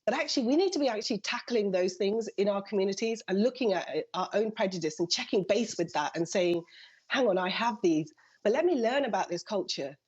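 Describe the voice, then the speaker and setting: A woman's voice: a little high, darkish tone, husky, muffled recording. A woman in her thirties, a family doctor, telling stories earnestly in a live TV interview and acting out the voices she quotes.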